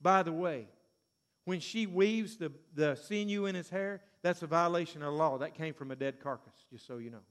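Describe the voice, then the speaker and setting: A male preacher delivering a dramatic sermon, swinging between hushed asides and loud emphasis. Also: fairly high pitch, normal speed, smooth.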